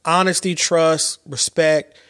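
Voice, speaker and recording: A man in his late thirties hosting a podcast, talking through his thoughts in a casual, animated way, with repeats and slang. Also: a little high, slow pace, clear, resonant tone, no echo, clean studio sound. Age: late 30s. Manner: animated storyteller with repetitions and slang. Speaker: podcast host. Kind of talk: casual reflective monologue.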